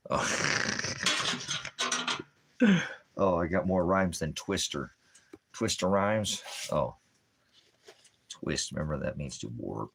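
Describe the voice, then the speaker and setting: A man's voice: deep voice, a bit bright, slight background noise. A man hosting a ministry stream from home, rambling in a casual monologue full of puns and rhyming wordplay. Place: at home with a dog and a fire.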